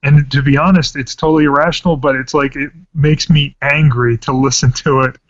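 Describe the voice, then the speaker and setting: A man's voice: on the high side, fairly even intonation, a little fast, no echo. A man on a podcast panel in a casual chat, talking in a heated, ranting way and swearing freely. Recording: dull lo-fi podcast audio.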